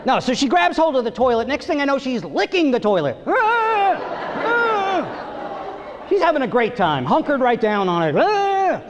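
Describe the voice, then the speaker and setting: On a theater stage before a live audience, a high-voiced male stand-up comedian tells stories and acts out voices with big pitch jumps, speaking quickly with hardly any pauses. The live recording through a stage microphone is lo-fi, very noisy, and full of long reverb.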